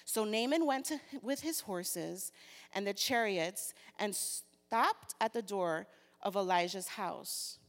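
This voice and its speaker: Slow-preaching woman in a reverberant hall. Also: medium pitch. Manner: slow and deliberate, animated when retelling the story. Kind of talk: sermon with scripture reading. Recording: long reverb of a large hall.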